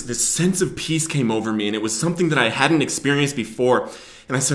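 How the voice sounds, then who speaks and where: In a roomy-sounding space around Billings, Montana, a young man on his own show talks quickly and animatedly at a medium pitch. He tells the camera about his addiction and recovery, emotional throughout and shouting loudly at points.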